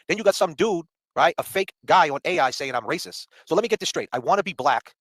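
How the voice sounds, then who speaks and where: This is a man, ranting rapid-fire on a livestream. He is combative and mocking and swears freely. His voice sits a little high and sounds dry and close, with no room around it. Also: a bit bright, no echo. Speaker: podcast co-host. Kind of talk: heated livestream rant.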